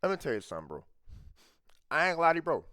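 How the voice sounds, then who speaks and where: A man's voice: a little high, very animated, rapid-fire, sharp tone, no echo, clean studio sound. A man hosting a reaction video, talking in a heated, profane way, repeating himself and saying "bro" after nearly every phrase. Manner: repeats phrases and restarts when worked up. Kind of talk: casual reaction commentary.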